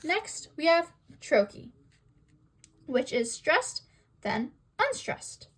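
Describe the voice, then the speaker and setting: Young woman doing a school lesson, high bouncy voice, reads it out slow and careful. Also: sing-song, a bit bright. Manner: slow, sing-song reading with rhetorical questions. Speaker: student presenter.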